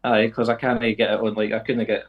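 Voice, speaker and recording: A man, a quiz contestant, chatting in a relaxed, laid-back way on a video call. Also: lowish voice, brisk, phone-quality sound. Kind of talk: casual chat on a call.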